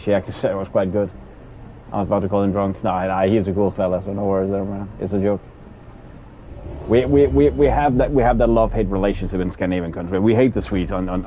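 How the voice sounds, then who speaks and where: A man's voice: fairly low pitch, fairly even intonation, fast talker, highs cut off, slight background noise. A Danish man with a Danish accent, streaming a game and chatting casually, repeating words as he talks. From Denmark. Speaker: gaming streamer. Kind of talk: casual chat while playing a game.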